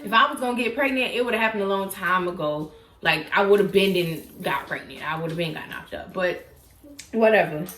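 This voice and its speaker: A young woman tells a personal story in a casual, animated vlog, acting out quotes with sudden leaps in pitch. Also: normal speed, roomy sound. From South Florida. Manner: animated, dramatic retelling with acted-out quotes and sudden pitch jumps. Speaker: YouTuber telling a story.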